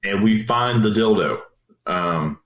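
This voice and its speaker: A man's voice: lowish voice, takes it slowly, a bit bright. A man, a police officer, telling a story in a casual, rambling way with many fillers and restarts. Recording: roomy echo.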